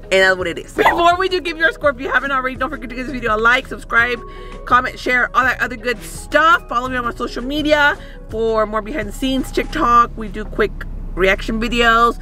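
High-voiced bright man chatting in car. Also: a little fast, faint music behind. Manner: relaxed, rambling, many fillers. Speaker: movie review vlogger. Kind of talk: casual chat. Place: inside a parked car.

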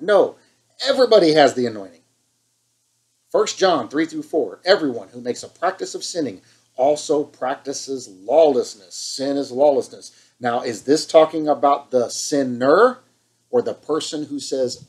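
A man's voice: fairly high pitch, expressive, moderate pace, a little mellow, rough recording. A man preaching an impassioned online sermon, fired up and scolding, hammering points with repetition.

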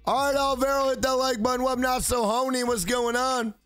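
High-voiced, profane man on livestream. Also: level tone, a little fast, faint music behind. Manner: loud, profane, joking, reads chat aloud. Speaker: livestream host. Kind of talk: casual livestream chat.

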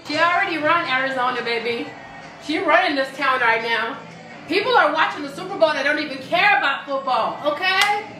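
Chatty woman host, bright voice, live reaction commentary; roomy echo, light music under. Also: high voice, animated, fairly quick. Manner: chatty, exclamatory, sings along.

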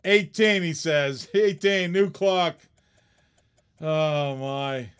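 A man's voice: a little high, drawn-out words, fairly bright tone, clean tone. A man hosting a live-stream auction in casual chat, laughing often and teasing the bidders.

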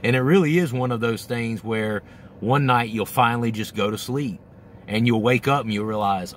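A man's voice: medium pitch, moderate pace, slight background noise. A man hosting a candid, casual monologue, swearing freely and acting out his own thoughts, middle-aged. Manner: candid, profane, acts out his own inner voice. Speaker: host.

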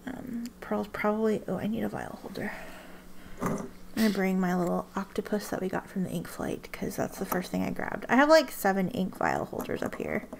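A woman's voice: mid-range voice, very animated, moderate pace, creaky, slight background noise. A woman chatting casually to camera in a rambling way, with many restarts and ums. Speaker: ink swatching vlogger.

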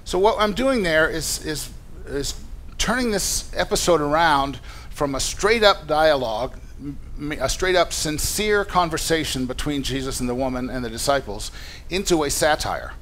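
A man's voice: a little high, animated, normal speed, fairly bright tone, a little hiss or hum. A man preaching a sermon in a conversational, explanatory way, often restarting his sentences. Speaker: pastor. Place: church meeting room.

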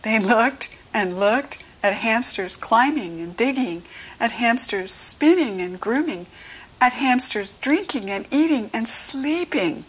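An American woman reading a children's storybook aloud slowly and clearly for young listeners. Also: lively intonation. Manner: slow, clear teaching read-aloud, brighter pitch for quoted children. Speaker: children's book reader. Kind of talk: read-along storybook narration.

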